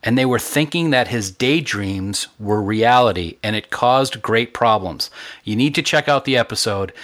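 Bright enthusiastic male co-host. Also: medium pitch. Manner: enthusiastic, storytelling. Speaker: podcast co-host. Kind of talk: casual chat.

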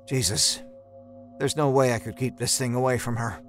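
Man telling a horror story over soft music. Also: medium pitch, steady tone, fast talker. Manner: tense, hushed narration with sudden shouts. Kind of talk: first-person horror story narration. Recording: narration with a faint music score.

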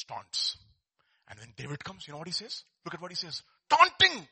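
A man preaches with a bright, ringing voice that leaps up and down in pitch. He swings from hushed asides to loud, urgent exhortation, repeating words and firing rhetorical questions at the congregation. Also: wildly swooping pitch, moderate pace, gravelly, breathy edge. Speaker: pastor. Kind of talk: sermon.

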